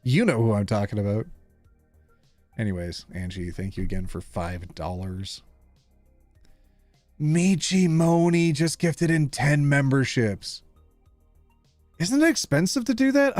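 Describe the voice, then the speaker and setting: Bubbly, lively Canadian man streaming. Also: fairly high pitch, a little slow, dry recording, studio quality, faint music behind. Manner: bubbly and playful, laughs often. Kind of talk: casual live-stream chat.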